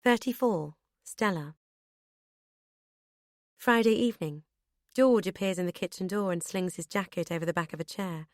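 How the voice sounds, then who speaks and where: A woman narrating a first-person audiobook in an expressive, brisk storytelling manner. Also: on the low side, dry recording, studio quality.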